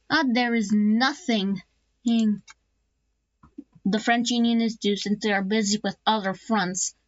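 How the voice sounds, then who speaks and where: A woman talks through an alternate-history map in a loose, casual way, stumbling over restarts and filling gaps with "uh". She drops jokey asides as she goes. Her voice sits a bit high, and the dry, dull lo-fi mic has no room sound at all. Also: dry recording. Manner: rambling, with many fillers and restarts. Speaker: map video narrator.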